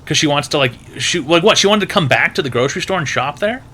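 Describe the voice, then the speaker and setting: A man hosting an advice stream tells rambling, profane stories crammed with "like" and other fillers. His voice is a little high, animated and fast, with a sharp tone.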